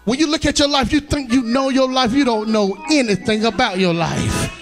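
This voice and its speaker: A man preaching a sermon in a church sanctuary, calling out to the congregation and breaking into a sing-song, shouted whoop. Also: extremely high pitch, moderate pace. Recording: music playing under the voice.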